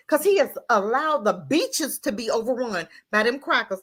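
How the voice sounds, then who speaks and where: A woman's voice: fairly high pitch, lively intonation, moderate pace, fairly bright tone. A woman co-hosting a talk radio show, speaking with impassioned emphasis and firing off rhetorical questions. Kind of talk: heated opinion talk.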